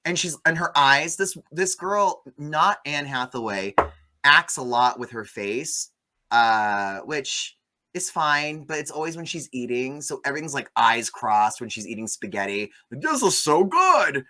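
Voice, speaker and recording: A man with a mid-range voice hosts a casual movie review chat, sarcastic and animated as he mocks the film with quick impressions.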